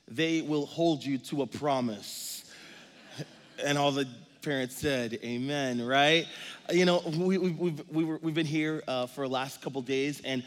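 Joking pastor with a slightly high voice. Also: male voice, long reverb tail. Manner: energetic, joking storyteller. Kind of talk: sermon.

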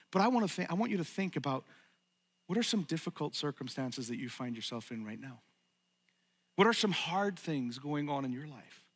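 Pastor, male, earnest sermon delivery, husky voice a bit high, long church reverb with soft music under. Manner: earnest, swings from loud urging to hushed whispers. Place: church sanctuary.

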